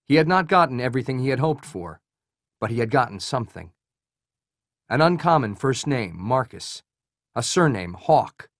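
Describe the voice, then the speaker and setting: A man reading a thriller audiobook as its narrator, in an even, measured way. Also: mid-range voice, no room sound, clean studio sound.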